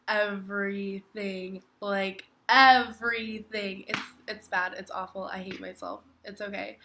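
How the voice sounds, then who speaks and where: A woman's voice: mid-range voice, a bit bright. A teenage girl, sick and stuffy, chatting casually to camera in a self-mocking way, saying "like" constantly. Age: teens. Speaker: vlogger. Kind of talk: casual chat.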